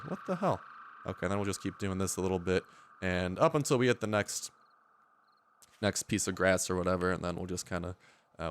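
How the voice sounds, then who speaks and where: A man's voice: on the low side, fairly bright tone, a little hiss or hum. A young man giving rambling, joking commentary while playing a survival video game. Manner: joking, rambling, playful mock speeches. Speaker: gaming YouTuber. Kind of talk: casual gameplay commentary.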